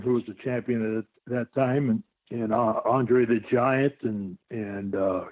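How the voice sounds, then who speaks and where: Older man telling stories over a tinny phone line. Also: medium pitch. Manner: rambling, many fillers and restarts. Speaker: guest. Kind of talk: storytelling interview.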